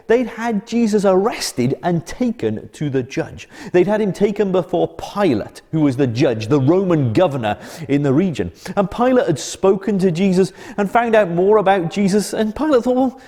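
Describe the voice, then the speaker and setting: A man presenting a children's church club, telling a Bible story gently and expressively. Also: high-pitched, expressive, normal speed, in a large hall.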